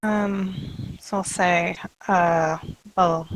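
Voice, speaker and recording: A woman's voice: on the low side, fairly even intonation, moderate pace, creaky, no room sound, low-quality recording. A woman playing a tabletop role-playing game, describing her moves hesitantly with many fillers. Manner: hesitant, thinks aloud with fillers. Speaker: player.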